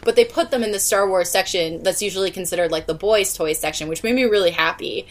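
A woman's voice: medium pitch, fast talker. A woman co-hosting a podcast in casual chat, rambling and laughing often. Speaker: podcast co-host.

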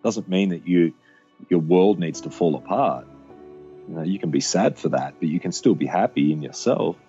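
Brief: low, mellow-toned male guest, thoughtful, pauses a lot with fillers. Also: highs cut off, faint music behind. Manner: reflective, halting with many fillers. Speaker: podcast guest. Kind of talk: casual conversation.

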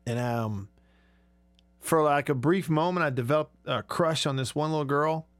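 A man's voice: a little high, normal speed, no echo. A man, hosting a radio talk show and telling stories in a chatty, self-mocking way from a studio. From Alabama. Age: 30s. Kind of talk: casual radio talk and storytelling.

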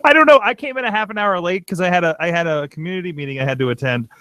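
A man with a higher-than-usual voice chats casually about wrestling as a show co-host, rambling and correcting himself as he goes. He talks into a webcam mic, and the sound is close and dry with no room echo. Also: very fast, pushed and bright. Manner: rambling, self-interrupting. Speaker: podcast co-host. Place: home studio.

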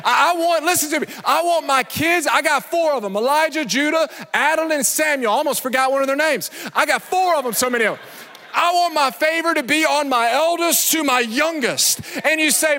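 In a church sanctuary, a male pastor delivers an emphatic sermon in a very high-pitched, fairly quick voice that is bright and forceful. He repeats phrases and asks the congregation questions, and the long reverb of the large hall fills the recording.

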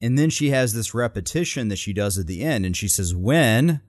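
Low-voiced man analyzing a speech. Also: moderate pace, no echo, clean studio sound. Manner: animated, quotes speech lines with emphasis. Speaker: podcast co-host analyzing speeches. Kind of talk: casual analytical chat.

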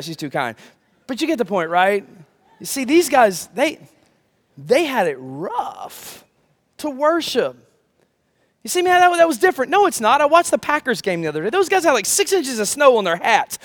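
A man preaching a sermon as pastor, animated, with rhetorical questions and humor. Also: very high-pitched, normal speed.

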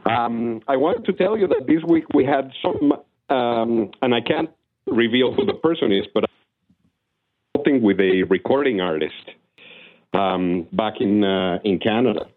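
A man calling in to a radio show, talking haltingly with many restarts. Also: mid-range voice, expressive. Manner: hesitant, many restarts and fillers. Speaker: caller. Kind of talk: casual call-in chat. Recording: tinny phone line.

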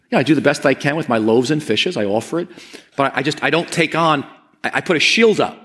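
A man's voice: fairly high pitch, fast talker, fairly bright tone. A man preaching a conversational sermon as pastor, earnest and often repeating words as he presses a point.

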